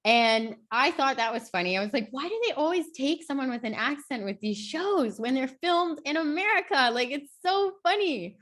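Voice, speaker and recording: A woman's voice: high-pitched, expressive, normal speed, hardly any pauses, fairly bright tone. Blunt, candid woman guest. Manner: candid, blunt, swears casually. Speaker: podcast guest. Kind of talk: casual chat.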